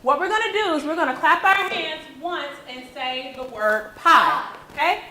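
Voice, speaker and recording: A woman's voice: high voice, normal speed, pushed and bright, a little hiss or hum, rough recording. A woman teaching a music lesson to a classroom, encouraging and checking in with the children after nearly every point. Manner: encouraging, checks in with frequent "okay?". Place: school classroom.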